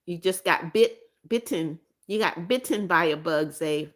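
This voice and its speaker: A former teacher with a fairly low voice hosts a casual live stream at a measured pace. She reads viewer comments aloud and answers them, repeating her greetings and often restarting.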